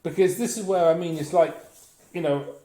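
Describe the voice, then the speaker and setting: A man's voice: a little high, moderate pace, dark tone. A man delivering a blunt, profane, sardonic comic rant as a vlogger. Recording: echoey room.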